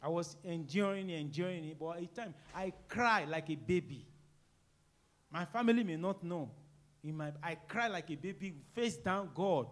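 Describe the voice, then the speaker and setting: A middle-aged man preaches a sermon in a fairly high voice. He pushes key lines out loud and emphatic, then drops into quiet, low asides. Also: moderate pace. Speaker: pastor.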